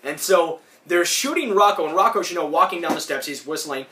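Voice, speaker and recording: Bright-voiced man recapping a cartoon. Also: fairly high pitch, expressive, brisk, echoey room, recorded from a distance. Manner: rambling, acts out lines in put-on voices. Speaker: podcast host. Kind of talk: casual recap of a cartoon episode.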